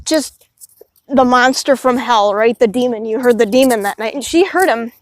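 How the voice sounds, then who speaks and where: A woman's voice: a little high, a little fast, no echo, studio quality. A woman vlogging, telling a rambling personal story in casual chat with many "you know" asides. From Illinois, United States.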